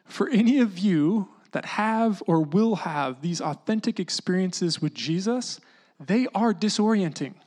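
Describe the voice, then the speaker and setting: A preacher giving a relaxed, conversational sermon at a middle pitch. The delivery is animated and chatty, with plenty of "like" and "you know". The voice sometimes drops low and hushed. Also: measured pace. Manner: casual, animated teaching with lots of "like" and "you know"; often drops into a hushed voice to act out quotes.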